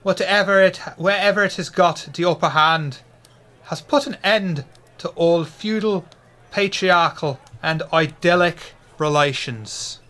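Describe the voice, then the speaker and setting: A man's voice: high voice, measured pace, sharp tone, pitched above the performer's own voice. A man voicing a rowdy Irish communist regular holding forth in a pub. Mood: boisterous. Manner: boisterous, preachy.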